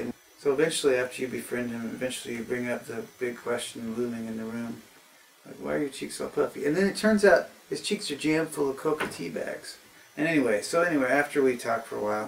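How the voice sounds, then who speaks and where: Rambling American man, gravelly and roomy. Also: medium pitch, recorded from a distance. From United States. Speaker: travel storyteller. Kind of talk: comic rambling anecdote.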